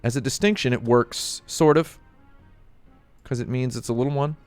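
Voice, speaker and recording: A man streaming, telling a sardonic story as a casual comedic rant, deadpan, with bursts of mock outrage. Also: medium pitch, moderate pace, no room sound, soft background music.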